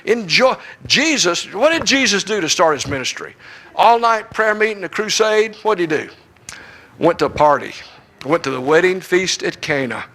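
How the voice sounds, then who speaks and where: A middle-aged man preaching with a gravelly, bright edge to his voice. He spins folksy, joking stories in a slightly high register. The voice is lively and full of humor. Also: normal speed, poor audio. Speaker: guest preacher. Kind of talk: humorous sermon storytelling. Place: church.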